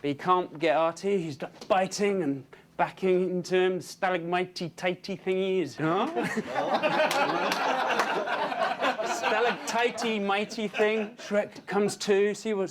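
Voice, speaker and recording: A man narrating a storyboard pitch in brisk play-by-play, punctuated with spoken sound effects. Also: background noise. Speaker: story artist pitching a scene.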